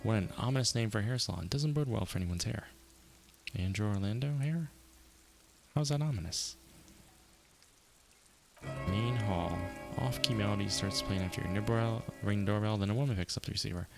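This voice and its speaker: Low, gravelly-voiced man streaming a game. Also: fairly quick, over music. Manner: wry, chatty asides. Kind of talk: live game playthrough, reading text aloud.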